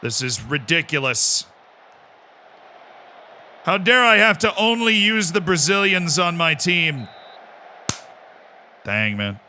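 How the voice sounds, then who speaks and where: A man streaming a video game live, chatting casually, reading chat aloud and breaking into excited shouts. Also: a little high, slow pace, long pauses, a little hiss or hum. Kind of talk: casual live-stream commentary while playing.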